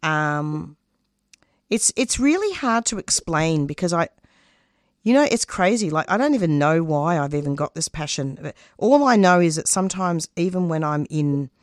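A woman's voice: sits low, no echo, studio quality. A woman who produces radio, speaking in an interview with intense, emphatic feeling. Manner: intense, emphatic, openly emotional. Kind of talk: candid interview answers.

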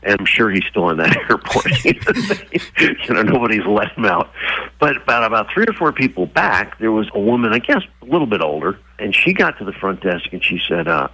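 A man's voice: lowish voice, big pitch swings, normal speed, bright, forceful tone, husky, dry recording. A man as an interview guest and horse trainer, explaining earnestly and acting out voices in his stories. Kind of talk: conversational interview. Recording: dull lo-fi sound.

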